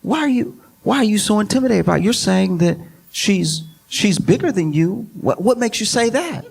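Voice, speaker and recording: A man's voice: high-pitched, lively intonation, moderate pace, gravelly, breathy edge, pitched above the performer's own voice, exaggerated voice. A man doing a pushy, badgering male lawyer. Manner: badgering, insistent. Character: pushy male lawyer cross-examining a witness. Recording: live audience laughter and noise.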